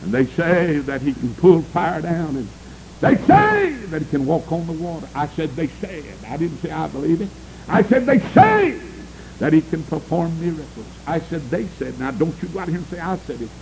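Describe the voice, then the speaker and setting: A man's voice: darkish tone, slight background noise, rough recording. A male preacher, delivering a fiery sermon and calling out to the congregation for amens. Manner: emphatic, swooping pitch, calls for amens.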